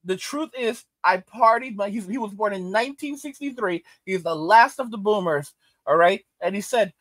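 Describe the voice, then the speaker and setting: A middle-aged man with a fairly high voice, ranting animatedly as he reads chat comments aloud. He laughs often and hammers points home by repeating them. The sound is close and dry, with no room around it. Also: moderate pace, fairly bright tone, no room sound. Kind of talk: casual reaction commentary.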